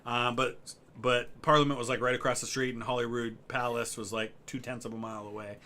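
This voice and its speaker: A man's voice: mid-range voice, fairly quick. A middle-aged American man, co-hosting a live stream, chatting casually and answering viewers' questions. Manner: relaxed, rambling, answers chat questions. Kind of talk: casual chat.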